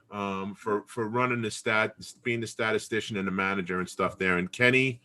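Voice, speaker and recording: A man in his fifties hosting a sports podcast over a video call, chatty, asking questions with halting restarts. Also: mid-range voice, bright, forceful tone. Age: 50s. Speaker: podcast host. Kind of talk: casual interview hosting.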